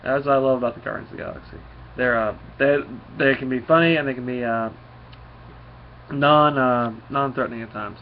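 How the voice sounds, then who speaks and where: A man's voice: mid-range voice, brisk, narrow, tinny audio, slight background noise. A man giving a casual comic book recap, rambling and full of fillers.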